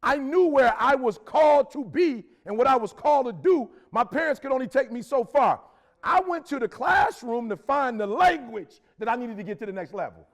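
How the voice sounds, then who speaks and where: Man, very high voice, from Detroit, motivational speech, preachy, urgent, slangy. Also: lively intonation, normal speed. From Detroit, Michigan, USA. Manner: preachy, urgent, repeats lines for emphasis, slangy. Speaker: motivational speaker. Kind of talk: motivational speech to a live audience.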